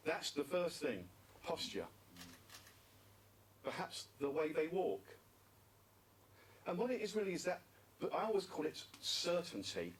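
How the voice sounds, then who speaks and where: A man with a voice on the high side speaks very animatedly but at a measured pace, leaving long pauses. He's giving an interactive speaking club conference talk, asking the audience questions and repeating their answers, heard through a distant mic with faint background noise.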